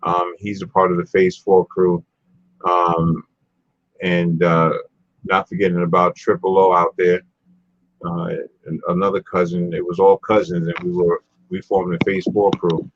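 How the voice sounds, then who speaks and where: A man's voice: sits low, flat delivery, unhurried, no echo, lo-fi sound. A man hosting a casual talk show, rambling and laid-back, often repeating himself. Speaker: show host.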